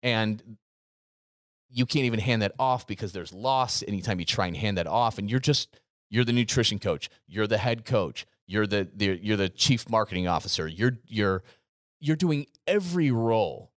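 A man with a fairly low voice talks in a casual podcast chat, earnest and emphatic, circling back over his words. The sound is dry and close to the mic. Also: animated, normal speed, dry recording. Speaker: podcast co-host, gym business coach.

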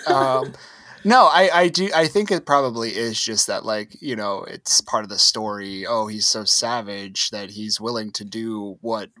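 A man's voice: lowish voice, steady tone, moderate pace, bright, forceful tone, no room sound. A man in a casual podcast chat, wry and hesitant, often trailing off.

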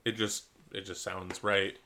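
A man's voice: sits low, level tone, sharp tone. A young man co-hosting a podcast, joking and laughing often in casual chat. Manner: jokey, quick, laughs often. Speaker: podcast co-host.

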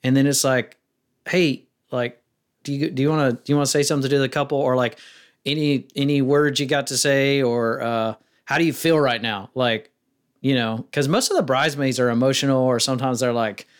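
A man's voice: medium pitch, fairly quick. A man being interviewed on a podcast about wedding filmmaking, talking casually and acting out the questions he asks people. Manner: rambling, acts out quoted questions in a lively voice.

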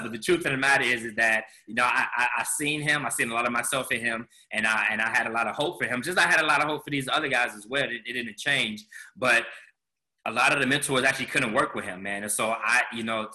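A man's voice: mid-range voice, pushed and bright, poor audio. A man from Chicago's South Side, a former program director, telling a candid story in a casual podcast interview, often saying "man". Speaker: former program director of a community arts center.

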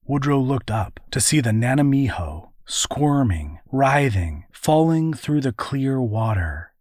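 A man narrating an adventure story in a measured, even audiobook reading. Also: medium pitch, no echo, studio quality.

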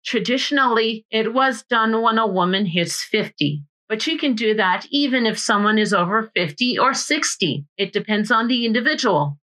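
A woman hosting a podcast, reading a calm, explanatory script. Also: fairly high pitch, moderate pace, hardly any pauses, poor audio. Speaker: podcast host.

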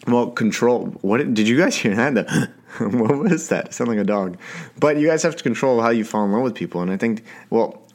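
A young man from Canada hosting a solo podcast in a casual chatty way, talking fast, stumbling over words and swearing now and then. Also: lowish voice. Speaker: podcast host.

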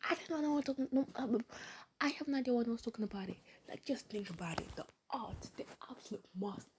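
A woman in an excited, casual rant to the camera, gushing and swearing, who often drops into a breathy whisper. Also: fairly high pitch, fast talker, a little hiss or hum. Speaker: fan vlogger.

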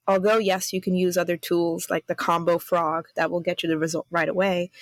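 A woman's voice: fairly low pitch, dry recording. A young woman hosting a podcast, telling a personal story in a candid, chatty way, with a skeptical, self-aware tone. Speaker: podcast host.

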